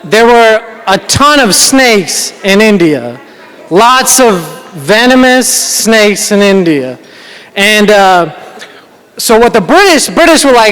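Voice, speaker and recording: A man's voice: high voice, fairly bright tone, clean tone. A man from the United States doing a stand-up comedy set, rambling and self-deprecating, often laughing at his own jokes. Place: large banquet hall. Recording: reverberant hall.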